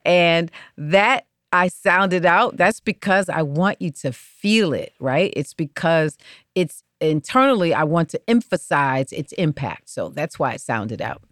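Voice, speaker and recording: A woman hosting an inspirational podcast, speaking slowly and repeating words for emphasis. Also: sits low, expressive, fairly bright tone, dry recording, studio quality. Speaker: podcast host.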